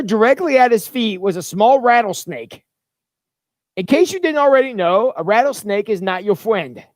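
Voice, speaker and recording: High-voiced rambling man pastor. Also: no room sound, studio quality. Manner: rambling, chatty, with stumbling restarts. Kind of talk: livestreamed informal Bible-study talk. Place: church.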